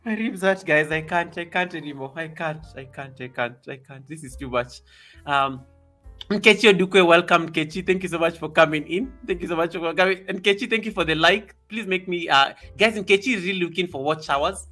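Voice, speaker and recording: Man, live stream host, excitable casual chat, fairly high voice, faint music behind. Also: normal speed. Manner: excitable, reading viewer comments aloud.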